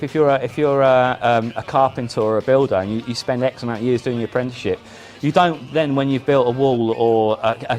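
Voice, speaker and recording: A man, a musician guest in a casual chat, telling animated stories with frequent restarts. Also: mid-range voice. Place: indoor chat.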